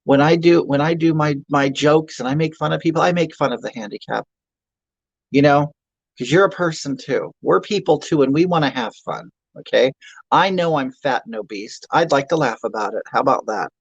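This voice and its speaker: A man hosting a comedy livestream rants and gripes in character as a crude, self-mocking, obese middle-aged woman, rambling, stammering, and answering chat comments off the cuff. He speaks at normal speed in a fairly high, gravelly voice with a breathy edge. The sound is lo-fi with no echo.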